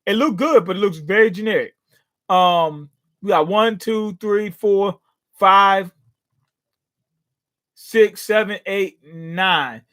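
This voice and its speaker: Man, high-pitched, slangy, joking, live reaction host. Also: takes it slowly, long pauses, a bit bright. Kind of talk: casual live reaction commentary.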